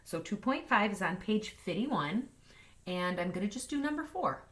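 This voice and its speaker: A woman math teacher walking through inequality problems in a recorded lesson, upbeat and playful, talking fast. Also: mid-range voice, lively intonation, fairly bright tone.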